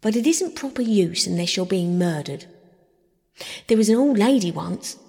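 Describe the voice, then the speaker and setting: A woman's voice: medium pitch, expressive, moderate pace, gravelly, mellow, slightly rough, long reverb tail. A woman doing a folksy, chatty railway porter. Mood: gossipy. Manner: folksy, rustic grammar, storytelling. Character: chatty, good-natured man, a railway porter.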